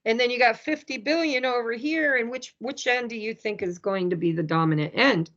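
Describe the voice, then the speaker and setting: Animated storytelling woman, lo-fi sound. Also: fairly high pitch, fairly quick. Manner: animated, storytelling, acts out quoted people. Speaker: spiritual speaker. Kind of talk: casual spiritual conversation. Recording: dull lo-fi sound.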